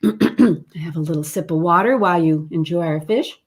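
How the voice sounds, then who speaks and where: A middle-aged woman teaching a livestream singing lesson, explaining in an animated way and breaking into sung demonstrations. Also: fairly low pitch, normal speed.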